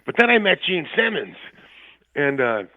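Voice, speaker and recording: A man's voice: a little high, big pitch swings, moderate pace, no room sound. A man talking as a guest musician in a radio interview, telling loose, profane anecdotes with laughs mixed in. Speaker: band member guest. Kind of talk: casual interview storytelling. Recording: tinny phone line.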